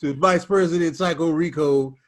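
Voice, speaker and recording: A man's voice: a little high, normal speed. A man, co-hosting a podcast in joking, profane casual chat. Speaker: podcast co-host.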